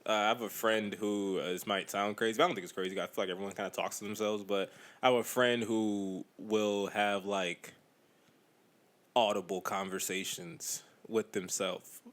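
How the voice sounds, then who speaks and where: A man's voice: on the low side, fairly even intonation, moderate pace, fairly bright tone. A man co-hosting a casual podcast, telling rambling stories and laughing easily. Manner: rambling storytelling, easily amused. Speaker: podcast co-host.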